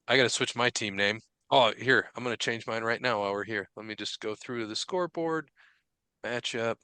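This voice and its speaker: Male podcast co-host, very bright dry voice, profane animated storyteller. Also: medium pitch, brisk, clear, resonant tone, no echo. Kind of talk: casual chat.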